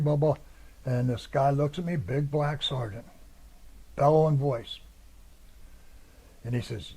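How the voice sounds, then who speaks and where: An older American Marine veteran tells stories of his service in an oral history interview, rambling from anecdote to anecdote and acting out the voices of the people he quotes. His medium-pitched voice is mellow and unhurried, with vocal fry, a breathy edge, and frequent pauses.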